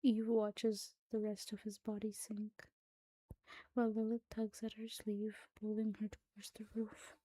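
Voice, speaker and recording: A woman's voice: medium pitch, completely flat delivery, measured pace, warm tone, no room sound. A woman giving a dramatic reading of a horror story, often dropping to a whisper. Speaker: narrator.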